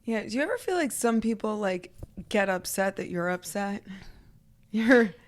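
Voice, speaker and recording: A woman co-hosting a casual podcast chat, animated and laughing often, acting out what people said. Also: medium pitch, moderate pace. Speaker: podcast co-host.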